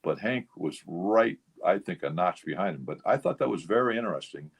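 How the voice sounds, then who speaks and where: A man's voice: low voice, lively intonation, fairly quick, vocal fry, slightly rough. A man over sixty, a memorabilia collector appearing as a guest on a radio talk show, who tells rambling stories packed with fillers. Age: older. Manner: rambling storyteller, many fillers. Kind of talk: casual radio chat.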